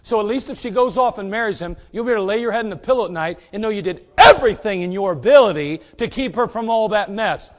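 A man preaching a sermon in a folksy, direct way, swinging between loud emphasis and quiet asides. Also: high-pitched, expressive, quick pace, few pauses.

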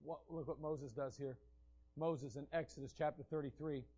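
Male preacher, high voice, animated storyteller, slightly dull recording. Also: moderate pace. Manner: animated storytelling, acting out the scenes. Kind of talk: sermon.

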